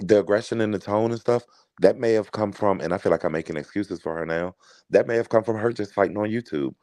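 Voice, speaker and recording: A man co-hosting a livestream in relaxed, chatty talk. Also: low voice, no echo. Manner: relaxed, chatty, thanks viewers. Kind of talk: casual livestream chat.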